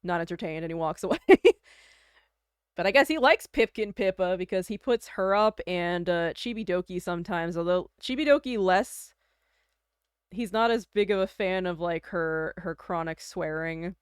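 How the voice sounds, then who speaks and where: A young Canadian woman livestreams from home, her smooth, resonant voice sitting on the low side and captured close to the mic in a very dry recording. At a normal pace, she rambles through easy, casual chat packed with fillers and giggles.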